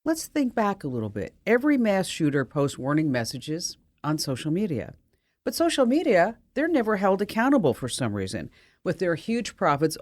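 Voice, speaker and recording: A woman hosting a radio talk show with an energetic, showy and emphatic delivery. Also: fairly low pitch, dry recording, clean studio sound.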